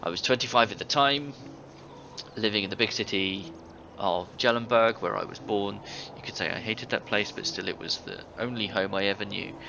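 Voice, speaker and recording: A man's voice: lowish voice, moderate pace, creaky. A man voicing a middle-aged former thief in a video game, telling tales with hearty, boastful relish. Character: older male ex-thief, boisterous tavern storyteller. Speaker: game character. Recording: dull game audio with faint hiss.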